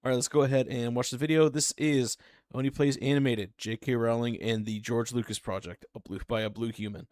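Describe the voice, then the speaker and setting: A man's voice: medium pitch, steady tone, fairly quick, a little mellow, dry recording. A man chatting casually while reacting to videos on his stream, rambling through stories with giggling asides.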